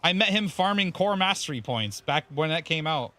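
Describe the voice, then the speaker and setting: A man's voice: a little high, animated, normal speed, pushed and bright. A man streaming a game, rambling casually, explaining the game and thanking viewers by name with the odd curse. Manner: casual swearing. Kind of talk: casual live-stream chat.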